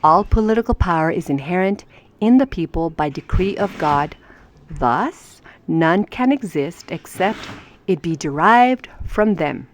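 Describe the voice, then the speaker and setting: A woman's voice: fairly low pitch, expressive, a little slow. A woman teaching a casual lesson on legal maxims, chatty and emphatic, with asides to her viewers. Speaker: home teacher.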